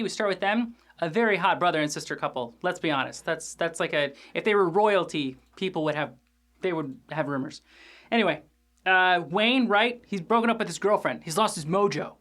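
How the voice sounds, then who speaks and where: Man, show host, casual recap review, energetic, chatty, swearing, filler-heavy. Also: high-pitched.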